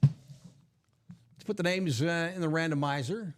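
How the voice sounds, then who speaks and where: A man hosting a live card break stream, upbeat and jokey, reading out names and spots quickly. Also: fairly high pitch, slight background noise.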